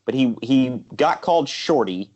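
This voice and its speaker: A man's voice: medium pitch, animated, unhurried, darkish tone, highs cut off. A man co-hosting a casual wrestling podcast, ranting and joking and quoting people in mocking voices. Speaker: podcast co-host.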